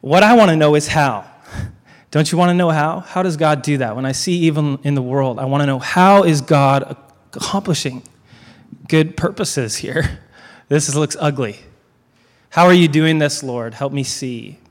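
A man preaching a sermon as a guest speaker, repeating key lines with dramatic pauses and slipping in joking asides to the congregation. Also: on the high side, long reverb tail.

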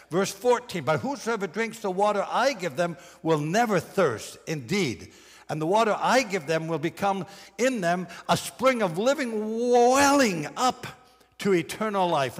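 Delivering his sermon, a pastor's high voice leaps up and down in pitch. He lingers on the important phrases with deliberate, emphatic force, and his words fade into lengthy reverb.

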